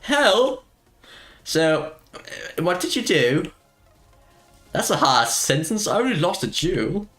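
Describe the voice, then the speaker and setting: A player voicing a timid, weepy moon rabbit girl from a game, in a low, plaintive tone. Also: sing-song, slow, long pauses, fairly bright tone, faint music behind. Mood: puzzled.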